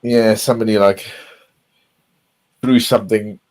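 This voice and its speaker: Low-pitched man, loose rambling chat, frequent restarts and swearing. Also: flat delivery, unhurried, darkish tone, low-quality recording. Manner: rambling, repeats words, swears often. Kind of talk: casual chat.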